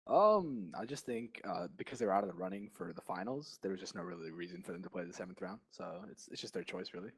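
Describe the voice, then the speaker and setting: A man's voice: low-pitched, fast, few pauses, breathy edge. A young man, a guild leader, chatting casually in an esports interview, laughing often and stringing along fillers. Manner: excitable, laughing, lots of fillers.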